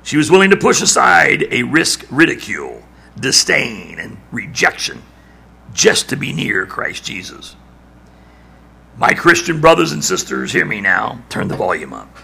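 A male preacher giving a dramatic sermon, building to shouts and dropping to near-whispers. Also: medium pitch, huge pitch swings, a little slow, gravelly, husky.

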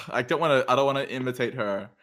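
A young man co-hosting a film podcast, jokey and animated, laughing easily. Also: medium pitch, fast talker, a crowd in the background. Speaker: podcast co-host. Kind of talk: casual chat.

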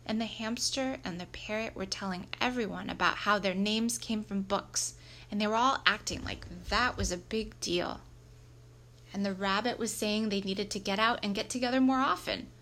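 A woman narrating a children's book aloud in a lively, expressive storytelling manner. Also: medium pitch, normal speed, slight background noise. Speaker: audiobook reader.

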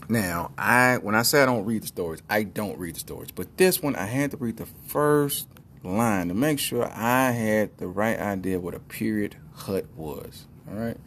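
A man's voice: on the low side, moderate pace, a bit bright, slight background noise. A man hosting a show, riffing on news stories in a loose, joking, slangy way and spinning silly tall tales. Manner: loose, joking, rambling storyteller with slangy speech. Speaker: podcast host reacting to news. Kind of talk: comedic news commentary.

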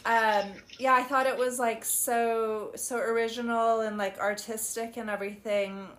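A woman's voice: a little high, fairly even intonation, unhurried, fairly bright tone. A woman hosting an interview, gushing enthusiastically and filling her talk with "like" and "um". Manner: enthusiastic, gushing, lots of fillers like "like" and "um". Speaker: interviewer, host. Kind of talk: casual interview chat.

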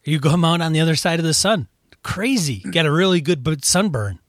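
A man co-hosting a casual gaming podcast, thinking out loud in halting sentences full of "like" and "you know". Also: fairly high pitch, lively intonation, dry recording, studio quality. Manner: halting, full of fillers and restarts. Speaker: podcast co-host. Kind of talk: casual chat.

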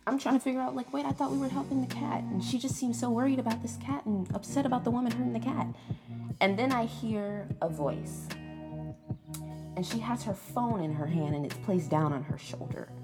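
A young woman talking in a blunt, profane, animated way in a casual monologue, with music playing behind. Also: fairly high pitch, normal speed. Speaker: vlogger. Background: background music.

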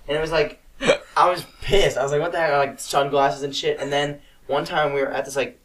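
A man's voice: fairly high pitch, steady tone, fairly quick, fairly bright tone, far from the mic, poor audio. A young man chatting casually on a podcast, rambling through stories, swearing freely and acting out what people said. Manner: rambling storyteller, swears freely, acts out quotes. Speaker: podcast co-host. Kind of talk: casual chat.

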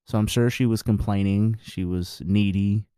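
A man's voice: lowish voice, steady tone, normal speed, warm tone, clean tone, dry recording. Man ranting bluntly, swears a lot, preachy, dry close sound. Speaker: married man giving relationship views. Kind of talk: casual monologue.

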